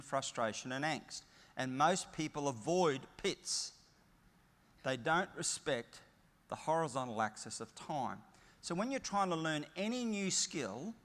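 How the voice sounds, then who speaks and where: A man's voice: fairly high pitch, animated, a little slow, fairly bright tone. A middle-aged Australian man giving a motivational conference keynote, emphatic and story-driven with punchy short phrases. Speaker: keynote speaker. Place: large conference hall. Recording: long hall reverb.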